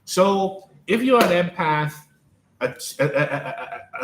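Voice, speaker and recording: Male coach hosting a live stream, high voice, preacher-like and repetitive, echoey room sound. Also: expressive, slow, fairly bright tone, a little hiss or hum. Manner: repetitive, emphatic, preacher-like, addresses viewers by name. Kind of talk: live-streamed spiritual talk.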